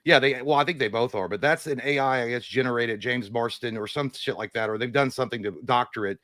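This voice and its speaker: A man's voice: mid-range voice, quick pace, a bit bright, dry recording. A man co-hosting a casual movie livestream, rambling and joking, sometimes reading an article aloud over a video call. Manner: rambling, jokey, reads news aloud. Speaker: podcast co-host.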